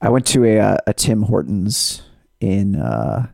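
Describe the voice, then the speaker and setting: A man's voice: on the low side, big pitch swings, unhurried, creaky, a little mellow, dry recording, clean studio sound. A man from the chatting casually on a podcast, laid-back and swearing now and then. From Southern US. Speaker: podcast co-host. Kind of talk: casual chat.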